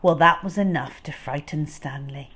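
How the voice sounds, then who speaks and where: A woman reading a children's storybook aloud, expressive and unhurried. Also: low voice, husky.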